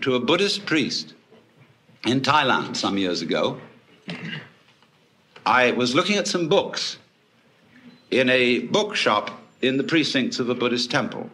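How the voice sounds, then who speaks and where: A man's voice: mid-range voice, sharp tone. A man giving a public lecture, telling wry anecdotes with dry humor. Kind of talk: public lecture to a live audience.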